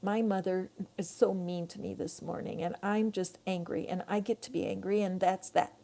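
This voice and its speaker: A woman's voice: mid-range voice, fairly even intonation, moderate pace, gravelly, warm tone, lightly acted. A woman voicing a defensive, angry red flower that snaps at another flower. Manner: snappish.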